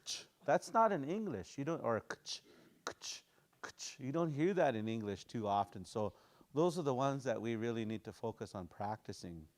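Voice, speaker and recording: A man teaching a language class, slowly repeating phrases to drill pronunciation, with casual, folksy explanations. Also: medium pitch, expressive.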